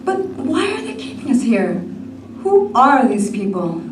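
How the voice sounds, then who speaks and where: A woman's voice: on the high side, wildly swooping pitch, measured pace. A woman playing a frightened captive in an amateur stage play, pleading with anxious questions. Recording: echoey hall, distant, noisy.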